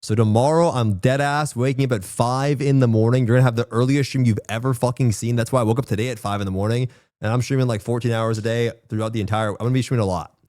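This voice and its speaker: A man's voice: medium pitch, fairly even intonation, fast, darkish tone, no room sound, studio quality. A man game streamer chatting casually with his viewers in rambling, profane slang. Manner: rambling, profane slang, says bro a lot.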